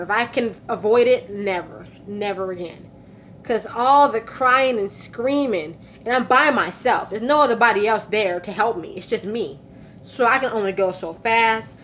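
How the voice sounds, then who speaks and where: A young woman vlogs from her car in a casual storytelling style, chatting with lots of fillers and laughter and sounding a little out of breath. Her voice is on the high side, with a slight hiss or hum in the recording.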